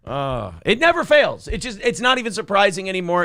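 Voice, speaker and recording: Gravelly sarcastic male co-host. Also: high-pitched, quick pace, no echo, studio quality. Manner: sarcastic, mocking, animated. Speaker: podcast co-host. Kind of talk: comedic news banter.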